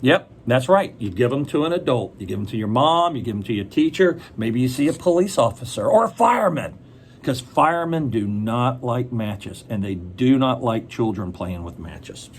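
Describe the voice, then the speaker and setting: A man's voice: mid-range voice, lively intonation, normal speed, a little hiss or hum. A man reading a picture book aloud to children, chatting and asking them questions as he goes.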